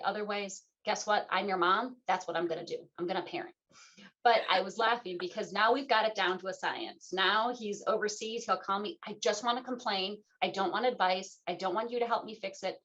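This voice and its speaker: Brief: radio host, woman, middle-aged, playful conversational delivery, muffled lo-fi recording. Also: medium pitch. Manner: animated, playful, acts out quoted voices. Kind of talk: casual conversational interview. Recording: dull lo-fi sound.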